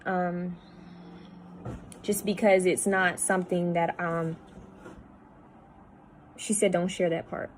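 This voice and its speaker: Hushed, halting woman psychic medium. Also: lowish voice, flat delivery, a little hiss or hum, rough recording. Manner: halting, repetitive, often dropping to a hushed voice. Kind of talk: spirit-channeling video monologue. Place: at home.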